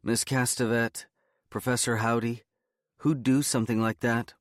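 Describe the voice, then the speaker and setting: A man's voice: mid-range voice, flat delivery, normal speed, no room sound, clean studio sound, pitched above the performer's own voice, close to an everyday voice. A man voicing a wry, teasing young woman teacher in an audiobook. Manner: playful, teasing. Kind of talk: audiobook character voice.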